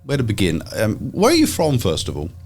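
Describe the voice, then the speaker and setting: A man with a lowish voice hosts an interview podcast. His pitch moves up and down a lot, and he sounds modest and a bit self-mocking as he brings in his guest. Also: brisk. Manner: self-deprecating, scripted intro then relaxed questions. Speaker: podcast host.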